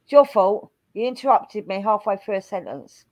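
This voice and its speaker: A woman's voice: medium pitch, normal speed. A woman hosting a casual stream chat, teasing and exasperated, laughing often. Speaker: streamer host.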